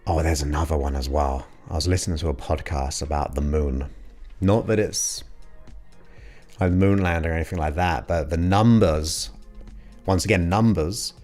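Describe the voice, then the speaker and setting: A man's voice: a bass voice, moderate pace, a little mellow, soft background music. A man from England hosting his show, chatting casually and enthusiastically with viewers. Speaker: podcast host. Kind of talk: casual livestream chat.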